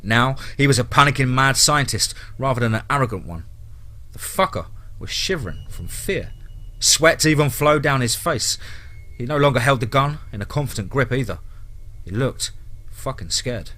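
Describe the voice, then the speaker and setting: Male horror narrator, bright tone, grim dramatic reading. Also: mid-range voice, expressive, moderate pace.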